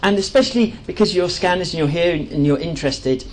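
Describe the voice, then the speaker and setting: Speaking fast with a voice on the high side, a man presents enthusiastically at a live talk, chatting away with plenty of fillers and restarts. The recording is rough.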